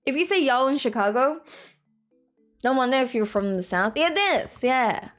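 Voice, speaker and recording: A young woman from Australia streaming a game, chatting casually with her chat in a rambling way, with "like" in every sentence and quick laughs. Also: high-pitched, animated, a bit bright, soft background music. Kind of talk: casual chat reading out chat messages.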